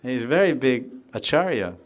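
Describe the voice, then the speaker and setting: A man giving a devotional lecture, reciting verses and explaining them phrase by phrase with pauses and repetition, lifting his voice when he quotes heartfelt pleas. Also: big pitch swings, highs cut off. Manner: rises in pitch and volume when quoting heartfelt pleas; frequent pauses with fillers. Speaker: spiritual teacher.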